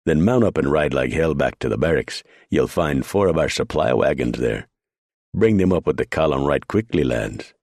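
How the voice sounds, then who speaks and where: Guy playing a loud sergeant major, bullying, deep rough voice, yells orders. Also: animated, moderate pace, no echo, clean studio sound, exaggerated voice. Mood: bellowing. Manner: roaring and blustering. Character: boisterous Irish army sergeant major, bullying.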